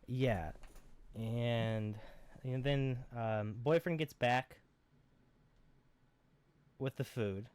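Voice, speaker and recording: A man's voice: medium pitch, extremely slow, pauses often, a little mellow, smooth. A man co-hosting a podcast, casually recapping a film in a rambling, profane, sarcastic way. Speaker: podcast co-host.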